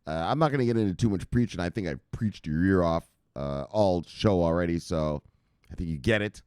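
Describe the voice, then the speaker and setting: A man's voice: low-pitched, lively intonation, fairly quick, darkish tone, clear, resonant tone, no room sound. A man hosting a crypto news show, giving hyped and profane casual market commentary straight to his viewers.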